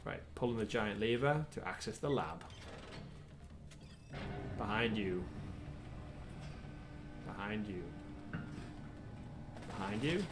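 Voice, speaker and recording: A man's voice: on the low side, animated, takes it slowly, long pauses, over music. A man co-hosting a livestream, chatting casually and calling out the action as he plays a shooter game. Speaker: livestream co-host. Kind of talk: casual gameplay commentary.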